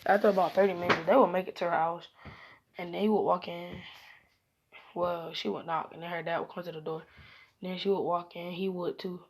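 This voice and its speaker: A woman's voice: on the low side, steady tone, moderate pace, long pauses, a little hiss or hum. A woman casually telling an improvised fan story, rambling and correcting herself as she goes. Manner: rambling, self-correcting, slangy.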